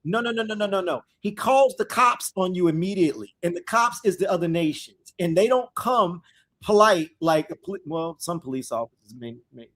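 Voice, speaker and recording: High-voiced man teaching scripture live. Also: animated, fairly bright tone. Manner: repeats phrases, addresses listeners directly as y'all; reads verses slowly and deliberately. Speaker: host of a live scripture study discussion.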